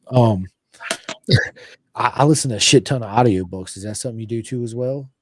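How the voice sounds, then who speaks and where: A man's voice: medium pitch, fairly quick, no echo. A man hosting a podcast, joking and easygoing in casual slangy chat. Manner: laid-back, joking, slangy. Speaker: podcast host.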